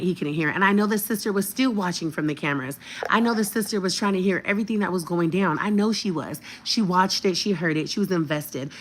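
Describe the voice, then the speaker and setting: Fifty-something woman going off on camera, lowish voice, cussing, talking straight to y'all. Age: 50s. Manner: blunt, profane, animated. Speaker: vlogger. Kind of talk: storytime rant to viewers.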